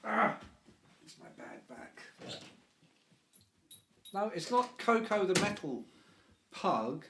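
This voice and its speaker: A man recounts old stories in relaxed podcast chat. His voice sits a little high for a man. He swears easily and mimics the people he quotes. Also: slow pace, gravelly, noisy background. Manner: storytelling, swears freely, acts out quoted voices. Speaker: podcast co-host. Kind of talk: casual chat.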